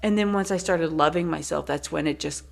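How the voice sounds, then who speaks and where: A woman's voice: sits low, fairly quick, creaky. Candid, cursing woman in her thirties. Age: 30s. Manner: candid, profane, many "like" fillers. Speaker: podcast co-host. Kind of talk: casual chat.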